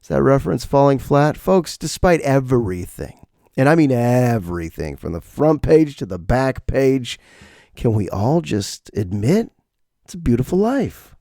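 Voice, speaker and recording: A man hosting a podcast while sick, with his voice partly gone, doing a rambling comic monologue. His voice swings between high squeaks and low mutters. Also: very animated, unhurried, creaky, mellow, dry recording, clean studio sound. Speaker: podcast host.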